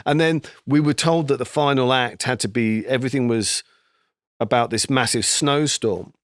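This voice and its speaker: A man talking as a comedy writer guest in a podcast chat, telling stories with lively acted-out dialogue. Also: medium pitch, moderate pace, no room sound, clean studio sound. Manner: animated storyteller, acts out quoted dialogue. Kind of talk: casual chat.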